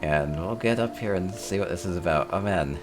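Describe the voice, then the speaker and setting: A man's voice: low voice, moderate pace, over music. A man hosting a casual tour of player homes in a game, chatting upbeat and thinking aloud with small chuckles. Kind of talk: casual gameplay commentary.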